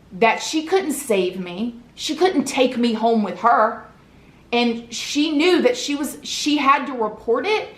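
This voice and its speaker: A woman vlogger earnestly recounts an emotional childhood story, confiding in the listener and frequently asking "right?" Her voice is a little high with a fairly bright tone, and the room is echoey.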